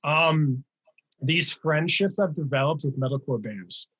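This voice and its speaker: A young man hosting a casual podcast chat, talking in an animated, rambling way full of fillers. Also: fairly high pitch, a little slow, husky, rough recording. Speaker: podcast host and music reaction creator.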